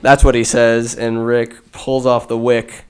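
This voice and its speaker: Man, podcast host, clear and resonant voice, loose profane comic recap style. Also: mid-range voice, monotone, a little slow, a little mellow. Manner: rambling, profane, jokey asides. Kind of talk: casual comedic movie recap.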